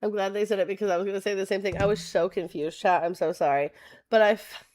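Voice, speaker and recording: A woman's voice: mid-range voice, steady tone, fast talker, darkish tone. A young adult woman hosting a casual political livestream, chatting with viewers, laughing often and reading web pages aloud. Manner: reads candidate web pages aloud to chat.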